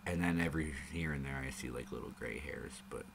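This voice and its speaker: A man's voice: very deep voice, quick pace, vocal fry, slight background noise. A man hosting a live stream, rambling casually in a crude, joking way. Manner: rambling and crude, prone to chuckling asides.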